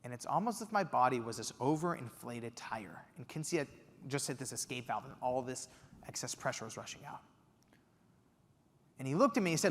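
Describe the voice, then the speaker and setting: A young man from Los Angeles giving a keynote speech, telling a story with lively energy and acting out the quotes. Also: mid-range voice, fairly quick. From Los Angeles, USA. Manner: animated, acts out quotes. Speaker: keynote speaker. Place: conference hall stage. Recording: long reverb of a large hall.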